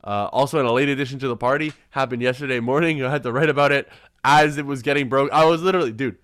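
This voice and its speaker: A young man hosting a casual sports podcast, excitable and quick to laugh, often restarting his sentences. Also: medium pitch, clear, resonant tone, no echo, studio quality. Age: young adult. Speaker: podcast host.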